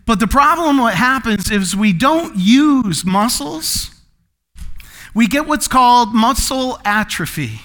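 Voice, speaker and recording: A man's voice: very high voice, lively intonation, slow pace, fairly bright tone. A man pastor preaching a sermon in a playful way, acting out comic voices and laughing often between points.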